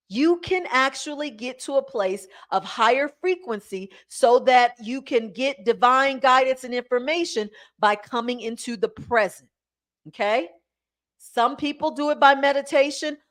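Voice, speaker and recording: A woman hosting a live spiritual talk, preaching to her listeners in an animated, coaxing way. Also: a little high. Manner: preachy, animated, addresses listeners as y'all and baby. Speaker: spiritual livestream host. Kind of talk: spiritual teaching to a live audience.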